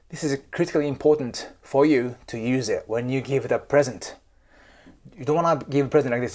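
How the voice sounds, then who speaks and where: Speaking briskly in a darkish, medium-pitched voice, a Japanese-accented man offers casual advice to the camera as a YouTube host and cultural coach. His delivery is chatty and emphatic, peppered with "right?" and "okay?".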